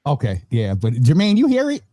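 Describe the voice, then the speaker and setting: A tired man hosting a relaxed, chatty online show from a warm room at home, laughing now and then. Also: mid-range voice, brisk, no echo. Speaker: host. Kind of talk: casual chat. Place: hot room at home with vents and fan. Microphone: phone or video call.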